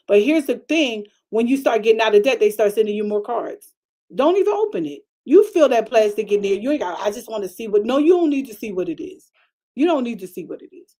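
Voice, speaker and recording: A middle-aged woman pastor preaching a sermon in a conversational, vernacular style that keeps rising into emphatic, high-pitched bursts. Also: animated, fairly quick, mellow.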